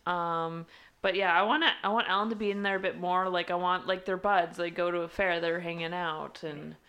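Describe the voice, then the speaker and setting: A woman's voice: fairly low pitch, fairly even intonation, brisk, a bit bright. A woman co-hosting a casual podcast chat, chatty and trailing off with frequent laughs. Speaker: podcast co-host.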